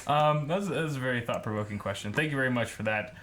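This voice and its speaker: A man's voice: medium pitch, quick pace, fairly bright tone, a little hiss or hum. Playful man in his thirties, co-hosting. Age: 30s. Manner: playful, jokey, trails off and restarts. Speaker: co-host. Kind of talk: casual livestream chat.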